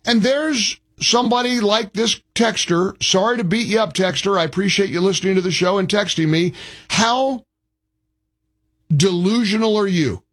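High-voiced combative male radio host. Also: normal speed. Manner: mocking, argumentative, talks over callers. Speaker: radio talk show host. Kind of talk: combative call-in radio talk.

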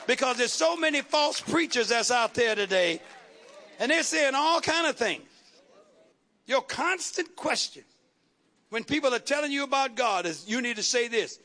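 High bright-voiced preacher, shouting refrains. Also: male voice, animated, normal speed. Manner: preaching cadence with rhythmic repetitions and shouted refrains. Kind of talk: call-and-response sermon.

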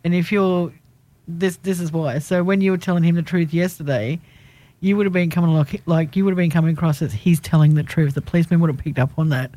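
A woman's voice: lowish voice, steady tone, quick pace, warm tone, no echo, poor audio. A young woman co-hosting a radio show, chatty and teasing. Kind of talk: casual chat. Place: small radio studio.

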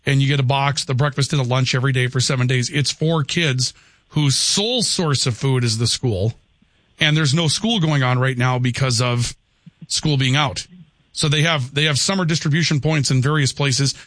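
A man's voice: mid-range voice, moderate pace, fairly bright tone, no echo. A man hosting a call-in radio talk show, bantering and teasing his co-host and callers.

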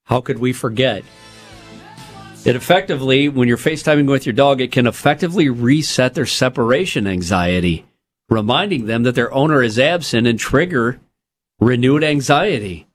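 A man's voice: mid-range voice, animated, faint music behind. Chatty male radio co-host. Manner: chatty, reads news items with quick asides. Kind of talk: casual morning radio chat. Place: radio studio.

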